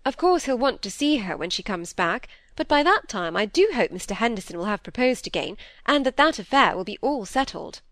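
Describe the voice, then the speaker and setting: A woman's voice: fairly high pitch, very animated, a little fast, hardly any pauses, fairly bright tone, no echo. Woman reading as a querulous middle-aged stepmother. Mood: scheming. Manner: querulous, peevish.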